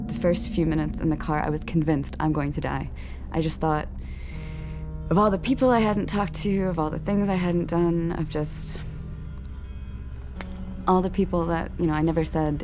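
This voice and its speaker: A young woman telling the story of her kidnapping in a documentary interview, halting and earnest, with many restarts. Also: fairly low pitch, fairly even intonation. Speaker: survivor recounting a crime. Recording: music bed under the voice.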